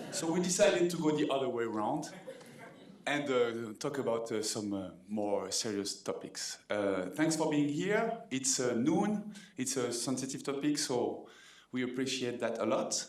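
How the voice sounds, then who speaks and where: A man's voice: medium pitch, darkish tone. A man with a French accent giving a conference talk, hesitant with many fillers and dry humor. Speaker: conference speaker. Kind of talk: stage talk with scripted banter. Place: conference hall. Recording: echoey hall from far off.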